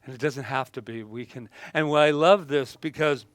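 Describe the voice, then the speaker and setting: A man giving a lively motivational talk with props, playful and laughing often, breaking into sudden exclamations. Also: medium pitch, normal speed, no echo.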